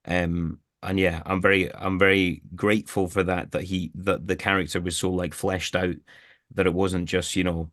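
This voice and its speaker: A man's voice: deep voice, little pitch movement, normal speed, a bit bright, no room sound, clean studio sound. A man, an actor as a guest, chatting casually in an interview, rambling with many restarts and fillers.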